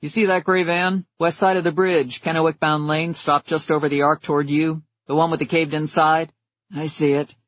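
A man's voice: a little high, dry recording. A man voicing a police officer who reports details urgently over an earpiece radio. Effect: muffled earpiece voice.

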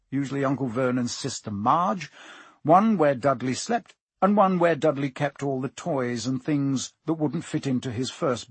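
A man narrating an audiobook in a steady, measured reading voice. His tone is slightly husky and sits at a middling pitch. The sound is dry and close. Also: no echo. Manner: steady storytelling, voicing each character.

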